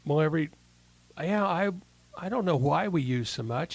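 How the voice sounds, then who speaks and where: A man's voice: on the high side, lively intonation, moderate pace, vocal fry. A man co-hosting a farm TV show, chatting casually and joking about his kitchen. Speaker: co-host. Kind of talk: casual chat.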